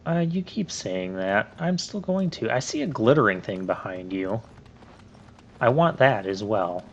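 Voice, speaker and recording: A man narrating his gameplay in a chatty, joking, rambling way, thinking out loud. The recording is slightly muffled, with a faint hiss behind it. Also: fairly low pitch, expressive, measured pace. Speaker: let's play host.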